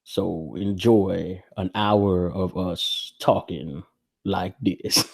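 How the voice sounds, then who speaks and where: A man chats easily as a podcast host, rambling and laughing often. His voice sits on the low side. The recording is dry, with no room sound. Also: fairly even intonation, very slow, creaky, slightly rough, no room sound. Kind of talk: casual chat.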